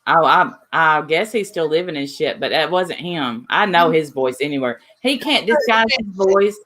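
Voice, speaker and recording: A woman's voice: low-pitched, expressive, moderate pace, a bit bright. A woman hosting a casual online group chat, brash and profane, laughing often. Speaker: host of an online show.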